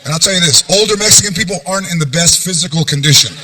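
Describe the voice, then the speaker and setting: A male stand-up comedian telling animated family stories, mixing in Spanish phrases. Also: sits high, very fast, noisy background.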